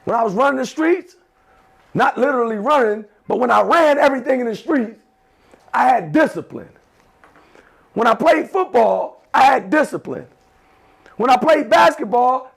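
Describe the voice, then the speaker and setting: A man gives an emphatic motivational talk to teenagers, repeating himself and leading call-and-response affirmations. His very high, expressive voice has vocal fry, a breathy edge and a bit of brightness, at normal speed with long pauses.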